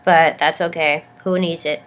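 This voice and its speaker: A young woman chats to the camera in a casual vlog, rambling and stammering as she pokes fun at herself. Her voice sits a little low and sounds sick and congested. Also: steady tone, moderate pace, fairly bright tone. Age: young adult. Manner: rambling, self-deprecating, stammers. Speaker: vlogger.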